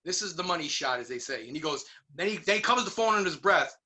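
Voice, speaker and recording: A middle-aged man from New York telling stories in a casual interview, animated and acting out the voices of people he quotes. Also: fairly high pitch, fast talker. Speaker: guest musician.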